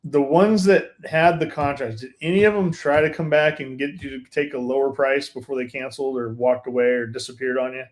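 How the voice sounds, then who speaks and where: A man's voice: medium pitch, fairly even intonation. Man asking probing questions. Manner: quick, probing questions with frequent laughs. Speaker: host. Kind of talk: live-stream interview.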